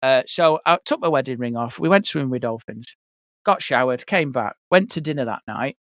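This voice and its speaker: A man's voice: medium pitch, expressive, a little fast, a bit bright, no echo, studio quality. A man, a guest comedian, telling funny anecdotes on a podcast and slipping into mock-posh voices for quotes. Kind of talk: comic storytelling on a podcast. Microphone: podcast mic.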